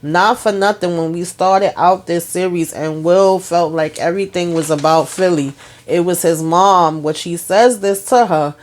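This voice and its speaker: A woman's voice: fairly low pitch, a little slow. A woman hosting a casual TV episode recap, chatty and talking straight to her viewers. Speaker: TV recap host.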